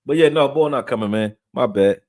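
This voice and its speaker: A man's voice: mid-range voice, a little fast, a little mellow, no room sound. Laid-back man hosting a live stream. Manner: loose, conversational, reads viewer chat aloud. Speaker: host of a live sports stream. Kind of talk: casual live-stream film breakdown.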